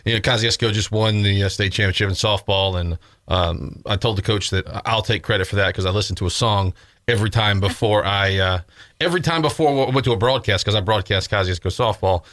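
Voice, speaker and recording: Rambling low-voiced male radio co-host. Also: fairly bright tone, no room sound, studio quality. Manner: rambling, halting, many restarts. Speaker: radio co-host and sports broadcaster. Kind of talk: casual radio talk.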